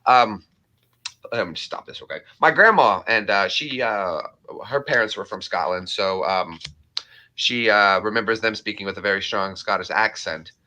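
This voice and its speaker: A man's voice: lowish voice, moderate pace, sharp tone, low-quality recording. A playful young man hosting a casual live stream, rambling between voice impressions.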